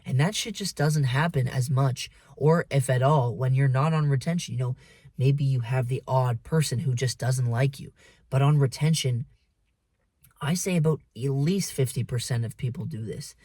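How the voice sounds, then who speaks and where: A man speaks in a loose, preachy monologue, cursing freely and calling the listener "man" and "dude". His voice sits at an ordinary middle pitch. It is recorded dry and close, with no room echo. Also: normal speed, darkish tone. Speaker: vlogger. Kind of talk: casual monologue.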